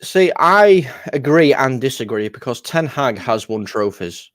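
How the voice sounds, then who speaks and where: A man's voice: medium pitch, sing-song, measured pace, no room sound, studio quality. A man hosting a football watchalong, blunt and argumentative with the other fans. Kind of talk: casual watchalong banter.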